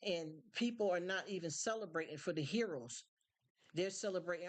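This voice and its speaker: A woman's voice: on the low side, moderate pace. Streamer, woman; loose rambling chat, repeats words when worked up. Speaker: live stream host. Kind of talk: casual chat.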